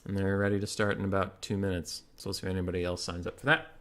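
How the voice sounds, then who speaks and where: A man's voice: low-pitched, flat delivery, very fast, fairly bright tone. A man casting a strategy game tournament live on stream, chatty and prone to digressions, talking to his chat between calls.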